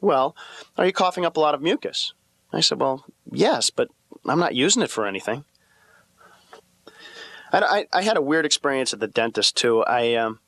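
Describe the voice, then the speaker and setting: A man's voice: on the high side, fairly bright tone, no room sound. A male comedian giving a nervous, sarcastic stand-up monologue as a therapy patient.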